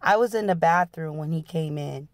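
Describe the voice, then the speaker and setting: Woman reading a memoir, low and dry. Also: normal speed, no echo. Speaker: channel host reading a memoir aloud. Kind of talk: dramatic audiobook-style reading.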